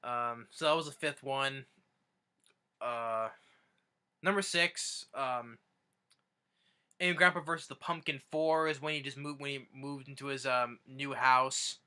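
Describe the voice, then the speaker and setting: Rambling bright-voiced young man. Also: mid-range voice, fairly even intonation, unhurried, pauses often, clean tone. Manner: rambling, many restarts and fillers. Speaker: YouTuber. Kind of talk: casual video recap.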